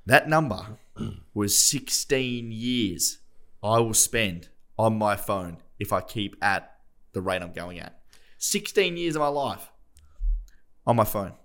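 A man's voice: lowish voice, expressive, takes it slowly, a bit bright. A young man, co-hosting a podcast in casual, self-deprecating chat. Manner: self-deprecating, rambling with restarts. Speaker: podcast co-host.

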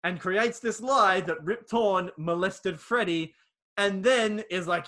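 Guy, high and bright voice, sweary casual film-recap podcast host. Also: takes it slowly. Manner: swears freely, acts out quoted lines.

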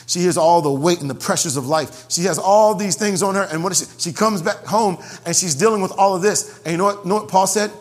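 A man preaching a sermon to his congregation in an animated way, joking and repeating phrases for emphasis. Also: sits high, a little fast, hardly any pauses. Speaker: pastor. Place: church sanctuary. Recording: long hall reverb.

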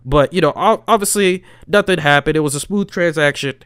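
A young man telling a story in casual chat, animated and slangy, swinging between loud and low. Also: brisk, smooth, dry recording, studio quality. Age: young adult.

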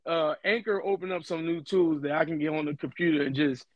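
A young man hosts a casual podcast. He talks earnestly and with emphasis, circles back to his points, and his voice sits high for a man. The sound is dry and close, with no room around it. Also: fast talker, no room sound, lo-fi sound. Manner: earnest, emphatic, repeats himself. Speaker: podcast host.

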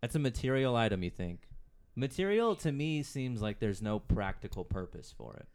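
A woman with an extremely low voice, deep for a woman, chats on a podcast. She teases and quizzes her co-host with sarcastic jabs, sounding relaxed at the table. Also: moderate pace. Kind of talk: casual chat. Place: home, at a table.

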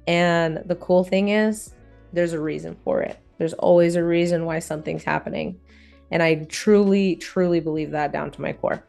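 A young woman with a notably low voice talks through her own reflections on a solo podcast. She is earnest and candid and circles back to the same reassuring phrases. Faint music sits quietly behind her. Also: steady tone, moderate pace, creaky. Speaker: podcast host.

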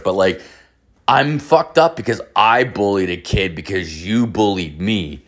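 A man's voice: sits low, expressive, moderate pace, a bit bright. Rambling, foul-mouthed young man telling a story. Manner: rambling, profane, heavy on filler. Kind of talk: casual storytelling.

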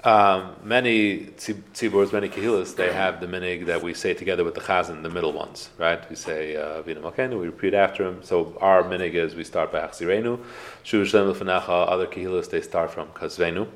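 A man's voice: low voice, steady tone, a little fast. A man teaching a casual Torah class, explaining prayers with rhetorical questions. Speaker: rabbi giving a class.

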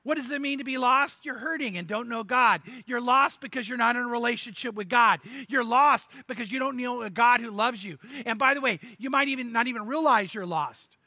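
A man's voice: very high voice, brisk, hardly any pauses, pushed and bright, no echo. A man preaching a sermon as a pastor, earnest and pleading with his listeners. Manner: earnest, pleading, retells a skit with quoted voices.

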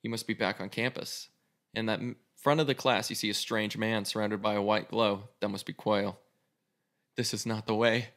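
A man's voice: lowish voice, steady tone, fairly quick, a bit bright. A man casually reading an interactive adventure story aloud as host, with a loose, swearing delivery. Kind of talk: reading a choose-your-own story aloud.

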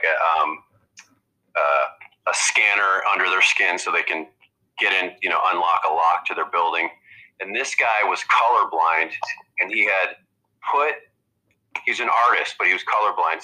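A man's voice: low-pitched, pushed and bright, rough recording. A man who is a guest comedian, chatting casually on a podcast and rambling with lots of restarts. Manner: rambling, halting with many restarts.

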